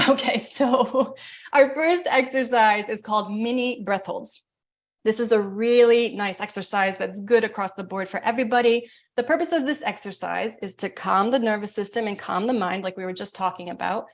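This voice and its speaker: A woman breath coach runs a live workshop over a video call. She rattles through her explanations, then slows right down and softens to guide each breath and count. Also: medium pitch. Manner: talks fast, then slow and soothing when guiding breaths.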